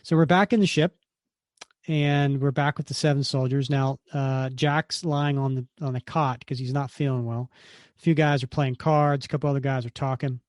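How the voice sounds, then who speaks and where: A man's voice: medium pitch, fairly even intonation, moderate pace, dry recording, studio quality. A man co-hosting a podcast, casually retelling a comic book story with lots of fillers and restarts. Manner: rambling, many fillers and restarts. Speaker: podcast co-host.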